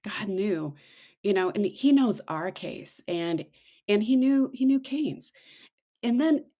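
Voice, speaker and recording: A middle-aged woman co-hosting a casual devotional chat, slowing and softening on her reflective points. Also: lively intonation. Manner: acts out quoted voices with big pitch jumps. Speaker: podcast co-host.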